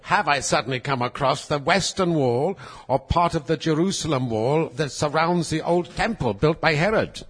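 A man's voice: on the high side, animated, moderate pace, breathy edge. A man, an actor, spinning a theatrical, rambling comic story as an improvised tale. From England.

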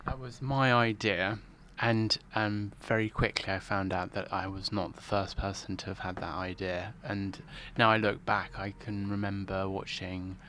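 A man's voice: on the low side, flat delivery, moderate pace, hardly any pauses, bright, forceful tone, a little hiss or hum. A man, the playwright, talking modestly and hesitantly in an interview. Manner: hesitant, modest, with many ums. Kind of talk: interview conversation.

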